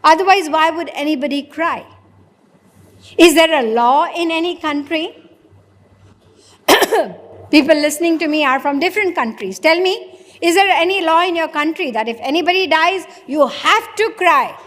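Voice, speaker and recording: A woman's voice: extremely high pitch, moderate pace, a bit bright. A woman giving a spiritual discourse, explaining step by step and acting out little dialogues to make her point. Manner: questioning, explanatory, acts out dialogue. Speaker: spiritual teacher. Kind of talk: religious discourse. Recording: long hall reverb.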